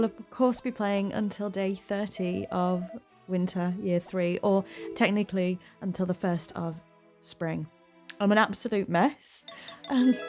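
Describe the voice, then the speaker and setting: Woman, game commentary, chatty, giggly, teary, mid-pitched voice, faint music behind. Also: darkish tone. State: emotional, close to tears. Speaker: gaming channel host. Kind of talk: casual game playthrough commentary.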